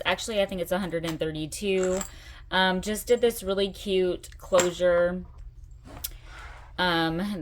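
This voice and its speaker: A middle-aged woman with a lowish voice, chatty and enthusiastic as she hosts her own craft channel. She talks in a relaxed show-and-tell way, gushing about the details she shows. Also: slight background noise. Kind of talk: casual show-and-tell vlog.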